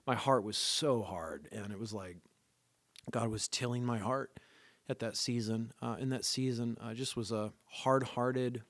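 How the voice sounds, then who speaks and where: A man recounts his faith story in an earnest, animated conversational manner, trailing off and restarting with fillers. His voice sits at an ordinary middle pitch. The recording is very dry and close, with no room sound. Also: a little slow, dry recording. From Southern California. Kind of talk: casual conversational testimony.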